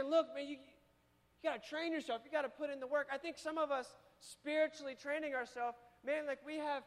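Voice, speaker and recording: High-voiced preacher in a reverberant hall. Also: male voice. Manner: energetic, calls on the congregation to repeat. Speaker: pastor. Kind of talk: sermon. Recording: long reverb of a church hall.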